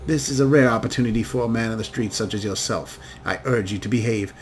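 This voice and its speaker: A man's voice: lowish voice, fast talker, slight background noise, natural voice. A man doing an icy wealthy patriarch. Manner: clipped, formal, commanding. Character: cold, imperious wealthy older father.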